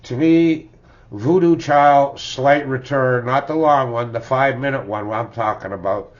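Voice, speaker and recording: A man's voice: medium pitch, unhurried. An older man, chatting casually and chuckling as he rambles through the records he loves, tagging his sentences with "eh?". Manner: rambling, chuckling, tags lines with "eh?". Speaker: music collector vlogger. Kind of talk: casual reminiscing about records. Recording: dull lo-fi home recording.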